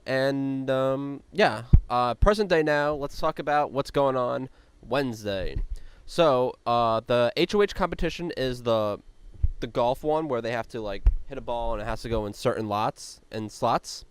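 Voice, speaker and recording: A man's voice: mid-range voice, measured pace, clean tone, no room sound. A man hosting a podcast, recapping a reality show in a chatty way with lots of "like" and frequent swearing. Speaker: podcast host.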